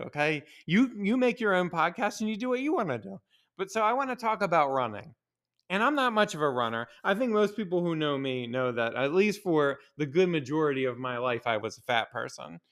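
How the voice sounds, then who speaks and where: A man's voice: high voice, bright, forceful tone. A young man hosting a solo podcast, ranting with opinions, swearing a lot and laughing as he talks. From Maryland. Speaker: podcast host.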